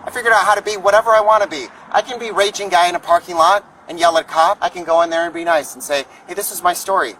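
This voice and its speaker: A man's voice: high voice, steady tone, racing, hardly any pauses, sharp tone. An angry man ranting profanely at police outdoors, agitated and defiant. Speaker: homeless activist confronting police. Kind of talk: angry street confrontation. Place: outdoors in a parking lot. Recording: distant bodycam audio with background noise.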